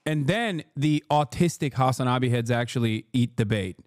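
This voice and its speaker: A man's voice: medium pitch, moderate pace, no echo, clean studio sound. A male streamer giving live reaction commentary in a profane, sarcastic, ranting way.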